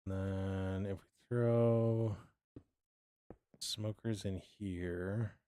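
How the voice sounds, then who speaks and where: A man talking casually to his live-stream chat while he builds in a game, mumbling and humming to himself, and clearing his throat now and then because he is sick. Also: low-pitched, extremely slow, slight background noise. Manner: relaxed, mumbling to himself, humming filler sounds.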